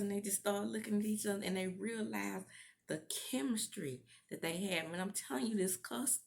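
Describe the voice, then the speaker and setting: A woman recaps a TV episode in a casual vlog, her mid-range voice a little creaky. She laughs as she retells the scenes and animatedly acts out the characters' lines.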